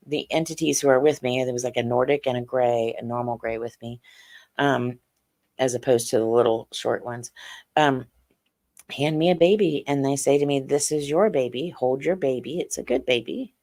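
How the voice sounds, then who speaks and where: A middle-aged woman, a podcast guest, telling a personal story slowly and haltingly, with many fillers and restarts. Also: extremely low pitch, a little mellow.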